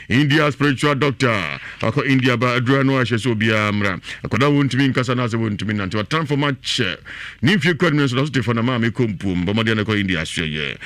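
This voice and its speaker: A man with a Ghanaian accent reading a run of product adverts, hyped and repetitive, reading out phone numbers twice and swinging between loud calls and low mutters. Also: quick pace, no room sound. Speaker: radio advert presenter. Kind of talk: fast advert announcing in mixed Twi and English.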